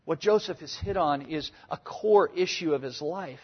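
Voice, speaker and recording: A man preaching a sermon, swinging from hushed, quiet passages to loud, emphatic ones. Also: a little high, normal speed, husky, big-room sound, muffled recording. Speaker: pastor.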